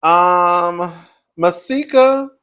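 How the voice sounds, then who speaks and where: Sassy, gossipy man with a higher voice. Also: clean tone. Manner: animated, gossipy, quick laughs. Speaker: commentary vlogger. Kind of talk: sassy reaction commentary.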